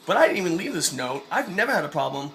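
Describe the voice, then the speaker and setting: A man vlogging, telling a story from his job as a mail carrier in a casual, profane, animated way. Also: on the high side, fast, vocal fry.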